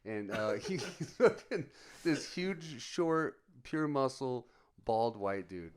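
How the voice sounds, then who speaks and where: A man's voice: medium pitch, lively intonation, slow, slight background noise. Man in his forties, crude storyteller who keeps laughing and acts out each quote. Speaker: podcast co-host. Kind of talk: casual storytelling chat.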